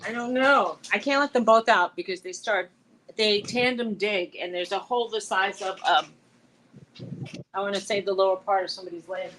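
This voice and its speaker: A woman's voice: medium pitch, moderate pace, a bit bright, low-quality recording. A woman co-hosting a live chat with a friend, telling rambling stories full of restarts and laughing often mid-sentence. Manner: rambling, chatty storytelling with many restarts. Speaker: co-host of a live chat show. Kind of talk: casual chat between friends.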